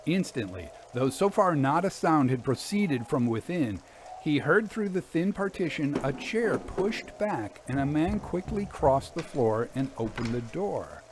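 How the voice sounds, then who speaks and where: A man reading a classic eerie tale aloud as a measured, scripted narration. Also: medium pitch, background noise. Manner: measured storytelling.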